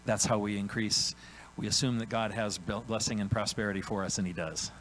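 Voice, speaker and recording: A man preaching a sermon in a church, animated and conversational, often acting out God's voice and tagging lines with "right?". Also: lowish voice, brisk, slight background noise, low-quality recording. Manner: animated, acts out God's voice in quotes, frequent "right?" tags. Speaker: pastor. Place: church sanctuary.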